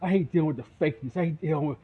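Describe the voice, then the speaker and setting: This independent musician from Toledo, Ohio is racing through an angry, on-camera rant in a slightly rough, a-little-high voice. Lines get repeated, and "you know what I'm saying" pops up again and again. Sound quality is tinny, phone-style.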